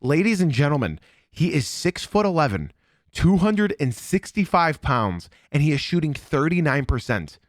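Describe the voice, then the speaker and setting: A young man hosting a sports podcast, emphatic and animated, often repeating his lines for effect. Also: fairly high pitch, moderate pace. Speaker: podcast host.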